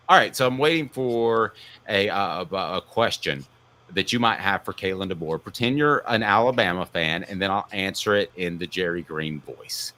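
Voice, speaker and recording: A man hosting a casual sports talk show, sarcastic and animated. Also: low voice, moderate pace. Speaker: sports radio host.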